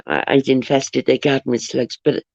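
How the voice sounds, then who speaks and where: A livestream host with an extremely low, steady, somewhat dark voice talks at normal speed, with no room sound; the audio is dull, lo-fi, dry, and close. She chats casually, thanking viewers, reading comments aloud, and wandering into anecdotes, rambling with stumbles and restarted sentences.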